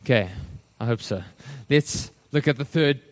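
A male pastor preaching a sermon, addressing listeners as friends and acting out the quoted voices with animated shifts. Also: medium pitch, normal speed.

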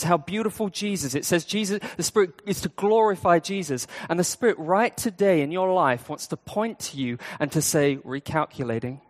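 A man delivers a sermon in a loose, conversational style, pausing and restarting as he goes. His voice sits a touch higher than most men's, and it rings with the long reverb of a church hall. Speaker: preacher.

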